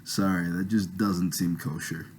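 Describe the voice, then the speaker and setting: A man's voice: low-pitched, fairly even intonation, a little slow, slight background noise. A man reading a reluctant, loyal young man's laid-back lines in his own plain voice.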